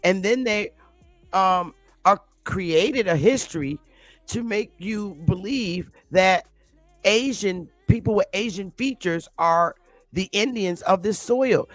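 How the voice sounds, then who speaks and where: A commentary vlogger with a mid-range voice rants slowly in an unscripted opinion monologue, with no room sound and soft background music. Her delivery is defiant and combative, blunt and heavily profane, with her points repeated for emphasis.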